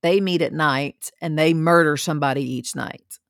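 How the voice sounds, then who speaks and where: A woman co-hosting a casual chat podcast, chatty and quick to laugh. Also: deep voice, no echo, studio quality. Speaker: podcast co-host.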